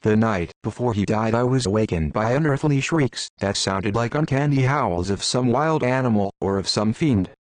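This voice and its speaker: A man narrating an audiobook in a measured, solemn reading. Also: medium pitch, animated, no echo. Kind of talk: scripted narration.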